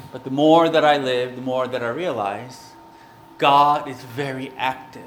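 A man's voice: mid-range voice, roomy sound, a little hiss or hum. A man preaching a sermon, earnest and conversational, with a prayer and a personal story. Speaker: pastor.

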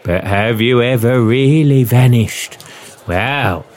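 A man voicing a young Cockney woman barking as a showwoman, with booming carnival patter in a Cockney accent. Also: slow pace, a little mellow, natural voice. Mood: showy. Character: loud Cockney female showwoman barker.

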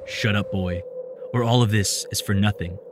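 A mysterious stranger speaks in a low, hushed whisper, put on by a man reading a story. He presses his words with urgent command, quiet but insistent. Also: normal speed, over music, close to an everyday voice.

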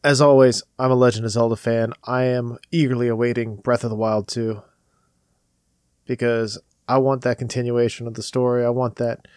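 A man's voice: mid-range voice, level tone, normal speed, darkish tone, smooth, no echo, studio quality. A man co-hosting a casual chat, an eager fan and chatty storyteller. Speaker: podcast co-host. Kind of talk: casual chat about video games.

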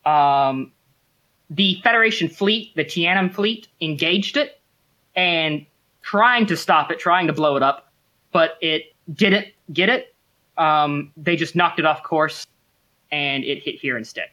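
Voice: mid-range voice, slow, bright, forceful tone, lo-fi sound. A game master running a tabletop role-playing game, explaining the setting at length with many ums and restarts.

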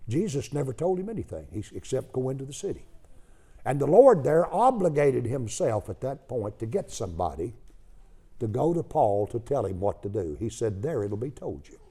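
A man's voice: medium pitch, big pitch swings, normal speed, dark tone, breathy edge. A man preaching a sermon, telling the story in a folksy, emphatic way.

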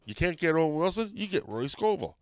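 A man hosting a podcast in casual chat, rambling and excitable, often losing his train of thought. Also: on the high side, quick pace, dry recording. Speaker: podcast host.

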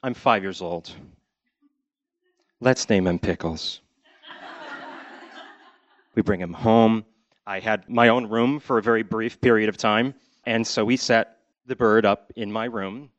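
Guy from connecticut telling a funny kid story live, wry deadpan, lowish voice, dry dull sound. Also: unhurried, long pauses, dry recording. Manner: wry, deadpan delivery with acted-out quotes.

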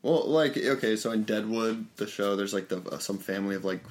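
A man's voice: lowish voice, brisk. A man co-hosting a podcast in casual chat, rambling with lots of fillers and swearing. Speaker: podcast co-host.

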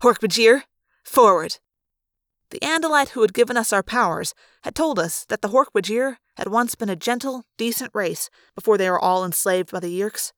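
A woman's voice: medium pitch, lively intonation, a little fast, few pauses, no room sound, studio quality. Woman narrating a fan audiobook.

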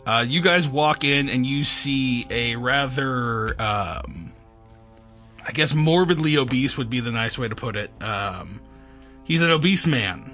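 Bright-voiced male game master. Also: mid-range voice, animated, unhurried, soft background music. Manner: rambling, many fillers. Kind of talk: narrating a tabletop game.

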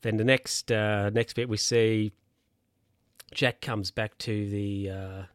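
A man's voice: fairly low pitch, fairly even intonation, slow, smooth, no room sound, clean studio sound. A young man casually retelling a film's plot, rambling, chuckling and losing his place to check his notes. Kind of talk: casual film recap.

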